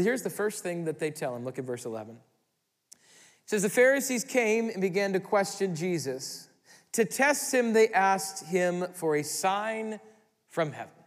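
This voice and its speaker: A man in his thirties preaching a sermon as pastor, moving from quiet asides to sudden exclaimed questions. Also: sits high. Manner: animated, swings from quiet to exclaiming. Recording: long hall reverb.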